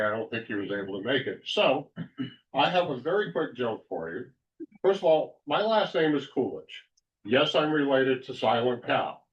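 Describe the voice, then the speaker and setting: A man leading a club meeting, thanking a speaker and moving on to tell a joke. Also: mid-range voice. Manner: lively, chatty, introduces a joke. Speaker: meeting leader. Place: meeting room at a club lunch. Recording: distant mic, dull lo-fi sound.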